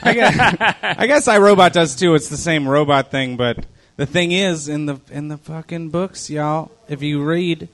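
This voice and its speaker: Mid-pitched man rambling offbeat jokes. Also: measured pace, fairly bright tone. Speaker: comedian guest. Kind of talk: casual comedic banter.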